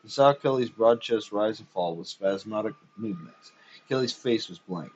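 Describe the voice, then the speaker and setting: Husky low-voiced guy reading a story, steady and measured, muffled lo-fi audio. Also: slight background noise. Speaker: reader. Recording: dull lo-fi recording.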